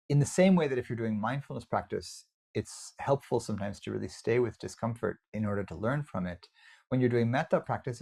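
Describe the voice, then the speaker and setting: A man meditation teacher giving a relaxed, conversational dharma talk over a video call, with many fillers. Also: fairly low pitch, vocal fry. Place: home, online session.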